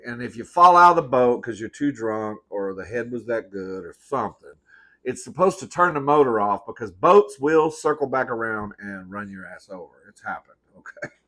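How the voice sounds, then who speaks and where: A man's voice: mid-range voice, a bit bright. A man in his thirties hosting a comedy eating show at home, telling rambling, sassy stories full of swearing and calling listeners "girl". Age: 30s. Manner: rambling, self-correcting. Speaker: host. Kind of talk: comedic storytelling while eating.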